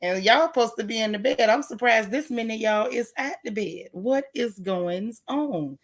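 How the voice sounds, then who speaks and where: A woman hosting a late-night gossip livestream, chatting casually and greeting viewers by name in a hushed voice. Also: normal speed. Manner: hushed, talking low like whispering. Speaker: gossip channel host.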